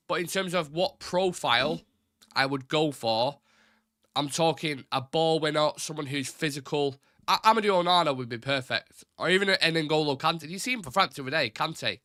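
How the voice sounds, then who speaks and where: The voice is on the high side, recorded dry as clean studio sound. It's a young Mancunian-accented man from Salford, Greater Manchester, hosting a live fan talk show where he reads chat questions from viewers. He's fast, animated, blunt and opinionated, and he swears.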